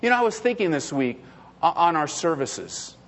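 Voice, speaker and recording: A man's voice: on the high side, sing-song, moderate pace, fairly bright tone. A male pastor preaching a sermon in an emphatic, repetitive way, often restarting his phrases.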